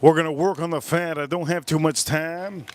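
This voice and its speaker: A man's voice: on the high side, fairly even intonation, moderate pace, slight background noise. A man hosting a casual live stream while cooking at a grill, talking bluntly and swearing as he gets frustrated. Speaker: livestream host cooking and drinking.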